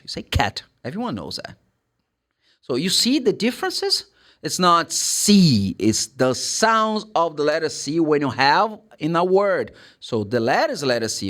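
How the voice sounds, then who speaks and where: A man with a Brazilian Portuguese accent, a native Portuguese speaker, teaching English pronunciation. He draws out each letter sound slowly and acts out the questions students ask him. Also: medium pitch, big pitch swings, fairly bright tone. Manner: drawn-out sound demonstrations, plays student questions. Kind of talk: pronunciation lesson.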